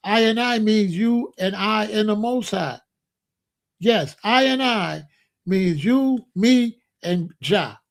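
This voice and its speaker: A man with a gravelly, creaky voice sitting a touch high for a man. He hosts a livestream and lectures his chat insistently, hammering the same points again and again. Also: slow pace. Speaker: streamer host. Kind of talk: livestream commentary answering chat.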